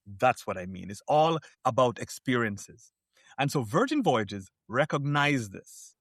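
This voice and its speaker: A man as a podcast guest, talking in an animated, emphatic way and telling stories from the cruise world. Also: mid-range voice, a little slow, no room sound, clean studio sound. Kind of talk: podcast interview.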